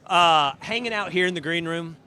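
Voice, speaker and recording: A middle-aged male host tells backstage stories with animated emphasis, pushing key words hard. His voice sits a bit high and sounds bright and forceful. He talks casually from a green room. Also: moderate pace. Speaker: show host. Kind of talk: casual storytelling and show preview. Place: green room at a live event.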